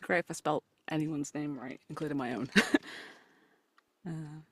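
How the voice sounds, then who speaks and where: A woman's voice: sits low, unhurried, a little hiss or hum. A British woman, a voice actor and coach, talking casually as a podcast guest, chatty and self-deprecating, laughing often and stumbling over her lines. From United Kingdom. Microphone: remote call recording.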